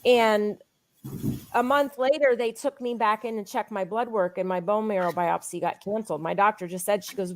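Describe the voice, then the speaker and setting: Eager, higher-voiced woman selling. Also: no room sound. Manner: eager, insistent, fast storytelling. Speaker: guest, product promoter. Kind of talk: sales pitch with personal testimony.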